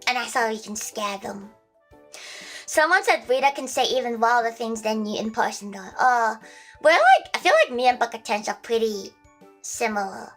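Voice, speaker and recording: A woman's voice: on the high side, lively intonation, moderate pace, a bit bright, faint music behind. A young woman streaming casually, joking crudely and rambling with lots of restarts. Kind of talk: casual livestream chat.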